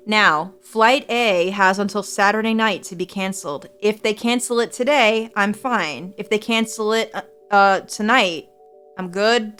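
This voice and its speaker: A woman's voice: mid-range voice, a bit bright, clear, resonant tone. A young woman streaming, chatting casually with her viewers in an anxious, rambling way, often repeating herself. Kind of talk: casual livestream chat.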